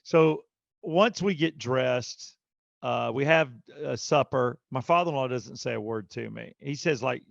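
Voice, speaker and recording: A man with a gravelly, creaky voice tells a casual story on a podcast. He leans into the quotes and gives each person in it an animated voice of their own. The sound is dry and a little dull. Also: mid-range voice, moderate pace, no echo. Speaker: podcast co-host.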